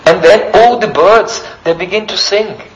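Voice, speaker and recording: High-voiced man giving a sermon. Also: measured pace, lo-fi sound, a little hiss or hum. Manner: storytelling, often asks the listeners "hmm?". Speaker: preacher. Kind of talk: devotional sermon storytelling.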